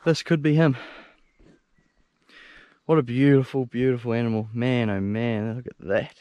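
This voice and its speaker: A young New Zealand man talks straight into his action camera out on a steep hillside. He is excitable and blunt and swears freely. His voice sits at an ordinary middle pitch. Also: moderate pace, no room sound. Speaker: hunter filming himself. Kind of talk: casual self-filmed commentary. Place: steep hillside gully outdoors.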